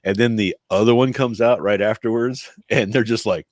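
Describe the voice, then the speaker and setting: A man's voice: on the low side, steady tone, moderate pace, dry recording. A man co-hosting a casual podcast, rambling through his opinions with restarts and chuckles. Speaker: co-host.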